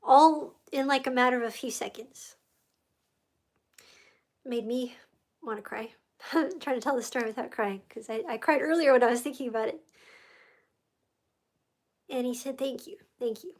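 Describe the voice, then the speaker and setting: An American woman hosts a livestream, sharing a casual faith testimony in a rambling, emotional way and drifting off track easily. Her voice is high-pitched, her pace moderate, and she pauses often.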